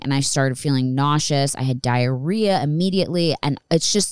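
A woman's voice: deep voice, clear, resonant tone, no room sound, clean studio sound. A woman in her thirties telling a personal story as a podcast host, candid and profane, rambling with restarts. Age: 30s. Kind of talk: casual storytelling monologue.

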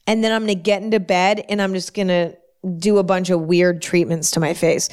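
A woman hosting her own show, talking alone in a chatty, rambling way with quick self-deprecating asides. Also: fairly low pitch, level tone, darkish tone, clean tone. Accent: put-on New York twang at times. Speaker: podcast host. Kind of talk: casual solo chat.

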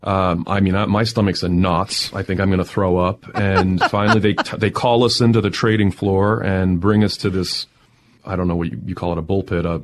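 A man with a fairly low voice recounting a wild day in a lively interview, talking with building excitement and breaking into laughter along the way. His tone stays energetic and storytelling. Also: fairly quick. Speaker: tech entrepreneur guest.

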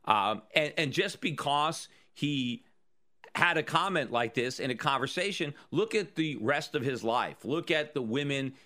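A man talks through an opinion segment on his own podcast. His voice sits a little high and sounds bright and forward. He argues with energy and keeps asking rhetorical questions. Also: measured pace. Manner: animated, argumentative, rhetorical questions. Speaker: podcast host. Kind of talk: opinion monologue.

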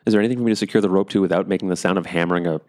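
Fast-talking deep-voiced male player. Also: fairly even intonation, darkish tone. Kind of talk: casual tabletop play.

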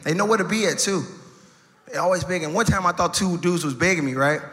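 A man from Chicago's South Side with a Chicago accent doing a stand-up comedy set in a theater, animated and slipping into mocking street voices. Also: high voice, quick pace, long reverb tail. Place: large theater stage. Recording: live theater show with loud crowd. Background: audience laughter.

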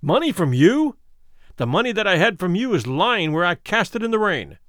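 A man reading a classic story aloud, voicing a shabby, bitter old drunkard who speaks harshly and loudly. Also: high voice, big pitch swings, measured pace, no room sound, studio quality, exaggerated voice. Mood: bitter defiant. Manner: harsh, loud and defiant. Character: bitter shabby old male drunkard confronting a former friend.

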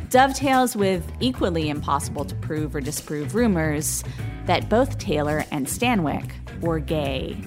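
Wry woman narrating over music. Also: low-pitched. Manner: wry, skeptical storytelling. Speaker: podcast host. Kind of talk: scripted narration.

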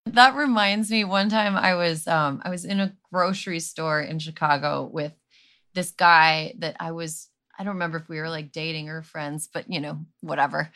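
A woman podcast host with a bright, clear voice. She keeps the talk casual and playful and laughs easily while telling stories. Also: sits low, steady tone, moderate pace. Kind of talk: casual chat.

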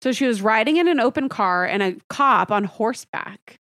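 Higher-voiced blunt woman podcast host. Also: lively intonation, moderate pace, a bit bright, no echo, clean studio sound. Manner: blunt, opinionated, swears freely. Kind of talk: casual chat.

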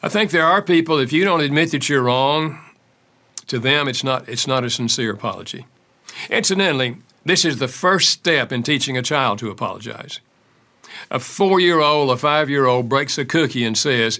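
A man's voice: mid-range voice, animated, normal speed, sharp tone. An older man, an author and counselor, answering interview questions with anecdotes and acted-out quotes. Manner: acts out quoted dialogue in stories.

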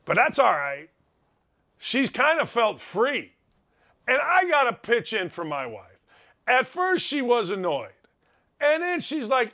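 A middle-aged man hosting a sports talk show, telling a story in an excitable, self-mocking way with loud exclamations. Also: sits high, unhurried. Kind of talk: animated storytelling monologue.

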